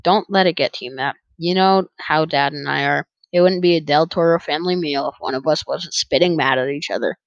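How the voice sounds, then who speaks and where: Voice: medium pitch, a little fast, creaky, hardly any pauses, dry recording, highs cut off, natural voice. A reader voicing a teasing young adult older brother who talks bluntly, read for an audiobook.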